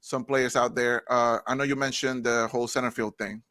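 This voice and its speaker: A man's voice: mid-range voice, flat delivery, a little fast, bright, forceful tone, no room sound. A man co-hosting a sports podcast, joking around and asking long rambling questions. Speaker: podcast co-host. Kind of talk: casual sports chat.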